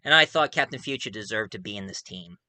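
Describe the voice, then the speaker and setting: A man's voice: fairly low pitch, expressive, fast talker, bright, forceful tone, no room sound. A man casually talking about his audio drama project, rambling enthusiastically and often correcting himself. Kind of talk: casual video monologue.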